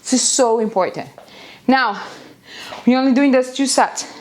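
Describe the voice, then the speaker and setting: A fairly high-voiced woman leads a live workout from home, firing off exercise cues and countdowns with lots of energy. She speaks slowly and deliberately, stretching out her instructions, and her breathing shows the effort now and then. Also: a little hiss or hum. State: out of breath at times. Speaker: fitness instructor. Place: home, near a busy street.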